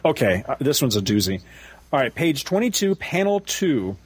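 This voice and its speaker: Laughing a lot and cursing as he rants, a forties-aged man co-hosts a laid-back comic-book podcast. His mid-range voice has a sing-song lilt and a breathy edge at a normal speed, with no echo.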